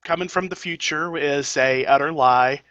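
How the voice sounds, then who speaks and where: Guy player cracking deadpan jokes, fairly high voice. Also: moderate pace, highs cut off. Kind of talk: tabletop role-play chat.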